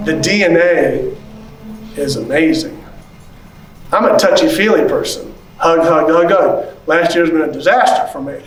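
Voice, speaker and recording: A pastor in his fifties tells his own story from the stage of a big conference hall. His voice sits high for a man and lively, and he slips into the voices of the people in his story. The sound is roomy and echoing, picked up from well away from the mic. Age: 50s. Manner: animated, acts out quoted voices, laughs. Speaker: pastor and church consultant. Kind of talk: personal storytelling speech. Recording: echoey hall, voice from a distance.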